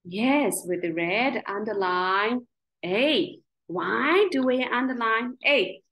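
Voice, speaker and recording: A woman gives a one-on-one phonics lesson, sounding out letters and syllables with care. She speaks slowly and deliberately. Her voice swings widely in pitch as she coaxes the child along. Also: expressive, a bit bright, low-quality recording. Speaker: spelling tutor.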